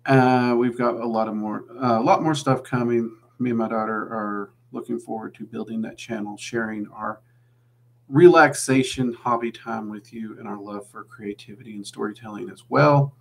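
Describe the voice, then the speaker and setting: A man's voice: medium pitch, fairly even intonation, moderate pace, gravelly. A man with a Southern twang, hosting a casual livestream Q&A and chatting loosely with lots of "um"s. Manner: chatty and rambling, with many "um"s. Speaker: livestream host answering viewer questions.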